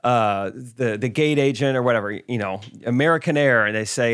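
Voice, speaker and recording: A man co-hosting a casual podcast, laughing often as he tells a story. His voice sits at a plain middle pitch. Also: normal speed, fairly bright tone, clear, resonant tone, dry recording, clean studio sound. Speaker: podcast co-host. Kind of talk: casual chat.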